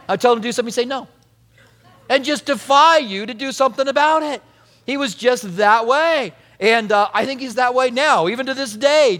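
High-voiced pastor in a reverberant hall. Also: male voice. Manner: conversational storytelling, animated. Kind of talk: sermon.

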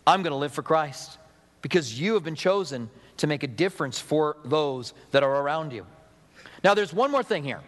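A middle-aged man preaching in a slightly high voice, his words carrying a long hall reverb. He talks to the congregation in a relaxed, conversational way, breaking into chatty asides and acting out quotes. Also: moderate pace. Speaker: pastor. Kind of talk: sermon.

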